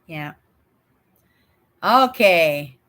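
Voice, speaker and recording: A woman's voice: fairly low pitch, animated, extremely slow, fairly bright tone. An older woman from Canada hosting a casual livestream, reading viewer comments aloud and chatting with rambling asides and frequent "right?". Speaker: livestream host.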